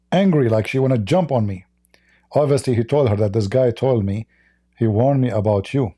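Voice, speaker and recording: Man, mellow voice. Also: medium pitch. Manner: rambling anecdotes with frequent fillers and laughter. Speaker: livestream host. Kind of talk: casual storytelling on a livestream.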